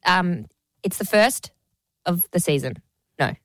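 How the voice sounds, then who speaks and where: A woman co-hosting a radio show who reacts playfully and giggles through the talk. Her voice is a bit low with a lively, bouncing pitch, recorded dry and close in a studio. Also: slow pace, dry recording. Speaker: radio co-host. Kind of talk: casual radio banter.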